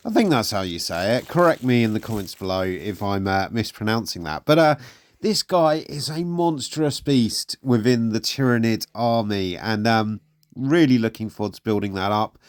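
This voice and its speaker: A man hosting his own hobby channel, reviewing magazine releases in a chatty, upbeat way with plenty of fillers. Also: medium pitch. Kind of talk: casual product review.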